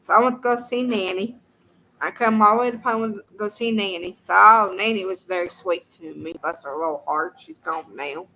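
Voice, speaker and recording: Bright-voiced woman telling a rambling story. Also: medium pitch, a little fast, slight background noise, poor audio. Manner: rambling and folksy, full of "you know". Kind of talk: casual storytelling to camera.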